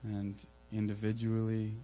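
A man giving an informal, earnest sermon, building to loud emphatic peaks, with a mains hum behind him. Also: on the low side, monotone, a little slow, low-quality recording. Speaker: preacher.

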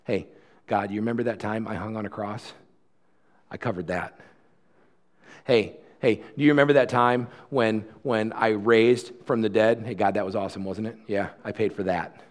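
A male preacher voicing Christ in a casual, soft, chummy way, reassuring the Father that a debt is paid. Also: lowish voice, fairly even intonation, normal speed, pitched below the performer's own voice, close to an everyday voice. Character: relaxed, friendly Christ pleading to the Father.

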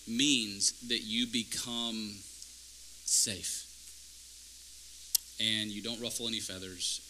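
Bright-voiced fervent preacher man. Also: on the low side, a little hiss or hum, low-quality recording. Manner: conversational, building to fervent emphasis. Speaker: pastor. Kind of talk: sermon. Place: church.

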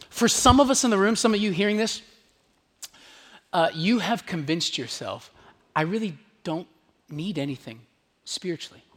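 A man, a pastor, preaching a sermon to his church congregation in a conversational, emphatic way, sometimes dropping to a hush. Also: on the high side, slightly rough. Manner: conversational, emphatic, drops to hushed whispers on key lines.

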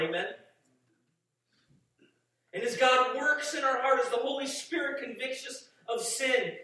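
A man's voice: extremely high pitch, pushed and bright. A man preaching a sermon, reading scripture and then building to fervent emphasis with repeated phrases. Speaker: pastor. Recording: echoey hall, distant mic.

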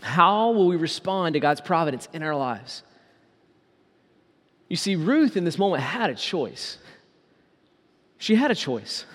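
A man preaching a sermon as pastor, asking the congregation rhetorical questions and slowing down on key words. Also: on the high side, very animated, fairly bright tone, big-room sound.

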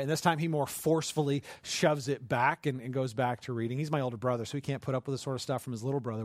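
A fairly high-voiced man preaching an informal, story-driven sermon, peppering his points with quick tag questions. His voice sounds dry and close, with little room echo. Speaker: pastor. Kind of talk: conversational sermon.

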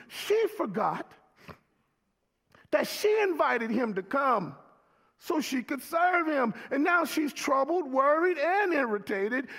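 A man preaching a sermon, with emphatic call-and-response delivery that rises to shouts. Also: very high voice, vocal fry, big-room sound. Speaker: pastor.

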